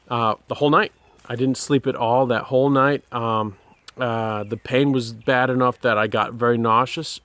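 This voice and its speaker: A man sharing a personal testimony, speaking earnestly and haltingly with many pauses and restarts. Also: mid-range voice, fairly bright tone, no room sound.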